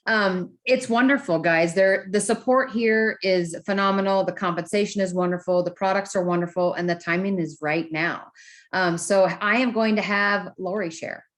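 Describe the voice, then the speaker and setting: A woman's voice: medium pitch, normal speed. A woman co-hosting an online business presentation, talking eagerly and enthusiastically. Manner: enthusiastic, eager, apologetic over slips. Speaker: co-host. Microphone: video call.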